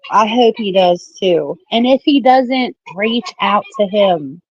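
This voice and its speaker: A woman's voice: mid-range voice, expressive, slow, no echo, dull audio. Chatty woman reading tarot on a live stream. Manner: chatty, apologetic, calls viewers babe and love. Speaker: tarot reader. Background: children heard in the background.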